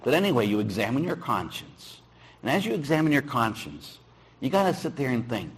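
A middle-aged man, a Catholic priest, giving a folksy, teasing sermon with a husky voice. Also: medium pitch, big pitch swings, fairly quick. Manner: folksy, teasing, acts out dialogue with shouts. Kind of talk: sermon with storytelling.

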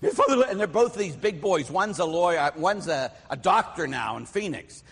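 A man's voice: high voice, expressive, moderate pace, creaky, few pauses, a bit bright, husky, in a large hall. A middle-aged man from Pittsburgh, a priest, giving a conversational sermon full of personal stories, with filler words and acted-out voices. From Pittsburgh, USA. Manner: storytelling, acts out voices, chatty with fillers.

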